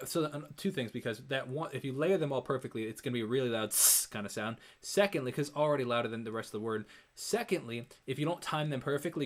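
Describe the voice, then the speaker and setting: A young man hosting a music reaction, explaining recording techniques in a casual, rambling way, often correcting himself and demonstrating sounds aloud. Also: medium pitch.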